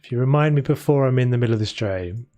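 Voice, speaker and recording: A man's voice: mid-range voice, fast, mellow. A young man streaming a renovation game, chatting loosely with his viewers and laughing as he goes. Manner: rambling, chatty, talks to chat and laughs often. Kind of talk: casual gameplay commentary. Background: faint game music.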